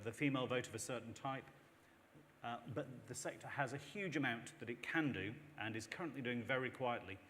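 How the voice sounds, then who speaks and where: A man speaking on a panel, making an emphatic, persuasive case. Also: mid-range voice. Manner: emphatic, persuasive, animated with mock voices. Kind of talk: panel discussion. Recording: long reverb in a hall, faint noise.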